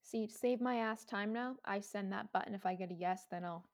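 A woman's voice: medium pitch, fairly quick. Young woman telling a podcast story. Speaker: podcast co-host. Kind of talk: casual chat.

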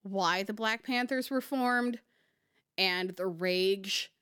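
A woman's voice: mid-range voice, slow pace, a bit bright, clear, resonant tone, dry recording, clean studio sound. A woman co-hosting a casual podcast, emphatic and passionate, swearing freely. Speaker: podcast co-host.

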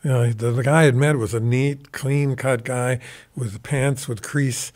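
A man's voice: mid-range voice, steady tone, a little slow, darkish tone. An older man casually telling a long anecdote as a guest musician, acting out what people said. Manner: rambling anecdotal, mimics quoted voices. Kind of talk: casual storytelling.

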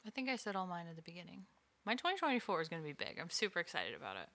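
A woman's voice: lowish voice, wildly swooping pitch, racing, a bit bright. A woman co-hosting a book podcast, teasing and laughing in casual chat. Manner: playful, teasing, laughs often. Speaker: podcast co-host.

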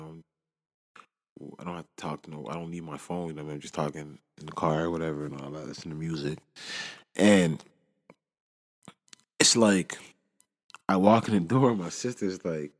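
A shaken, upset man in his twenties hosts a solo podcast, rambling loosely and padding every thought with "you know what I'm saying." His voice is very deep and steady, at a normal speed with long pauses, and it sounds like a big room.

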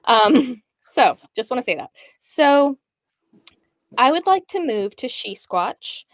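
A woman hosting a casual talk show, relaxed, reading out listener questions. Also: sits high, slow, no echo. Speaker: podcast host. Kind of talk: casual chat.

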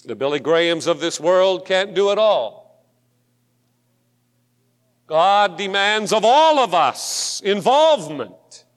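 A man preaching a sermon as pastor, with rising fervor and dramatic pauses. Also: high-pitched, animated. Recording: long hall reverb.

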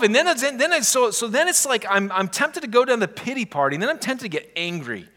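A man's voice: very high-pitched, fairly quick, few pauses. A man pastor preaching a sermon in a conversational, storytelling way. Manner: conversational preaching with animated, exasperated retellings.

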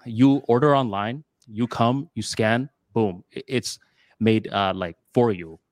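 Low-voiced man rambling casually. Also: a little slow, dry recording. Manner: rambling, filler-heavy with lots of "like" and "dude"; animated, jumps to higher pitch when voicing others. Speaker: podcast co-host. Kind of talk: casual podcast debate.

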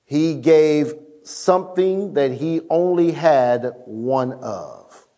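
A man's voice: on the high side, animated, drawn-out words, mellow. A middle-aged man preaching a sermon, emphatic and casual, calling on the congregation to answer back. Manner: emphatic, call-and-response with the congregation.

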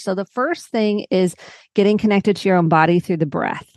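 A woman therapist, a guest on a podcast, speaking in a calm, reflective way. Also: medium pitch, normal speed, no echo, clean studio sound. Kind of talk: casual podcast interview.

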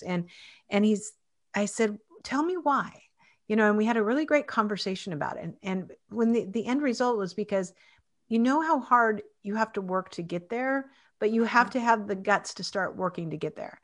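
A woman's voice: mid-range voice, animated, a little fast. A woman in her fifties hosting a casual interview, chatty and full of restarts. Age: 50s. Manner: chatty, many restarts and fillers. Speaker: host.

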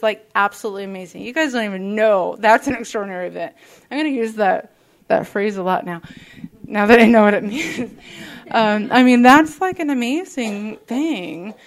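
A woman sharing her story at a twelve-step meeting, earnest and chatty. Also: mid-range voice. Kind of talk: personal share at a support meeting. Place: meeting room.

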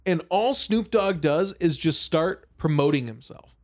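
A man in casual podcast chat, an excitable storyteller who laughs a lot and acts out what others said. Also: fairly high pitch, a little slow.

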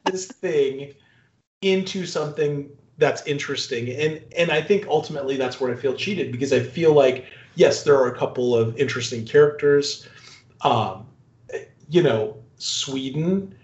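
A man's voice: mid-range voice, normal speed, darkish tone. A man co-hosting a casual movie review chat, ranting profanely and laughing often. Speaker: podcast co-host. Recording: echoey, dull lo-fi room sound.

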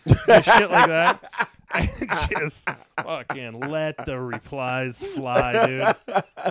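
A man's voice: fairly high pitch, very animated, extremely slow, a bit bright, no echo, studio quality. A young man co-hosting a podcast, telling long rambling profane stories and mimicking the people he quotes. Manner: rambling, profane storytelling with put-on quoted voices. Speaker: podcast co-host. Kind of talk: casual chat.

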